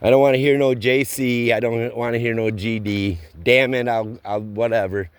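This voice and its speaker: A man's voice: medium pitch, fairly even intonation, clear, resonant tone, dry recording. A man telling a casual, rambling story from his roofing work, with plain everyday slang. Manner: slow, rambling delivery with plain spoken slang.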